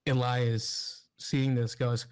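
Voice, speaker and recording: A man running a tabletop game over an online voice call, narrating haltingly with many fillers. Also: mid-range voice, level tone, darkish tone, clear, resonant tone. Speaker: game master.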